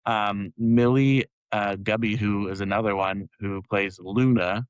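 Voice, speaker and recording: A man's voice: fairly low pitch, fairly even intonation, a little slow, smooth, no echo, highs cut off. A man co-hosting a podcast, chatting casually and rambling with many fillers and laughs. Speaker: podcast co-host. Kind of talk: casual chat.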